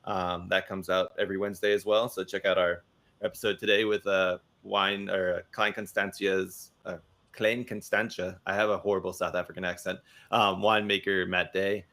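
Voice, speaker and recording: A man speaking as a guest in a casual interview, relaxed and self-deprecating, on a podcast studio mic. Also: sits low, fairly quick.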